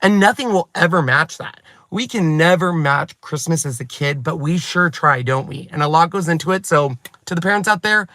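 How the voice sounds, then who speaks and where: Chatty, animated man in his forties. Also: on the high side, normal speed, no room sound. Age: 40s. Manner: chatty, animated and self-mocking, with bursts of laughter. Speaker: craft YouTuber and host. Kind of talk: chatty vlog storytelling to viewers.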